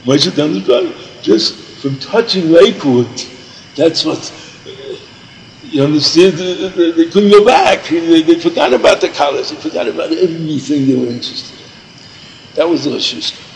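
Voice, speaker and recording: An older man with a gravelly, slightly raised voice tells a winding story from his youth, circling back and repeating phrases. He sprinkles in Yiddish and Hebrew terms as he goes. A faint hiss of noise sits under the recording. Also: fairly high pitch, normal speed, poor audio. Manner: meandering, repeats himself, mixes in Yiddish and Hebrew words. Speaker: storyteller recalling yeshiva days. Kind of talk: rambling personal storytelling.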